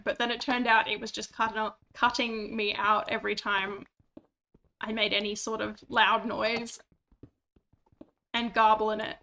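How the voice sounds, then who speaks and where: A woman's voice: on the high side, gravelly, pushed and bright, slight background noise. A woman streaming a game, chatting casually in rambling, self-deprecating asides on a cheap microphone. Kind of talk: casual gameplay commentary. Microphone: cheap desktop microphone.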